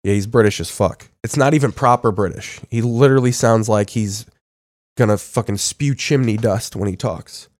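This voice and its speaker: A man's voice: fairly low pitch, normal speed, a little mellow, dry recording, clean studio sound. A man hosting a podcast while sick with covid, chatting casually in a rambling, crude, joking way. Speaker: podcast host. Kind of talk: casual profane chat.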